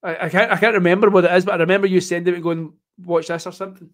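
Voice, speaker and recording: A man's voice: high-pitched, fairly even intonation, rapid-fire. A man with a Scottish accent hosting a casual live tennis watchalong, chatty and joking, rambling with plenty of fillers. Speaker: host.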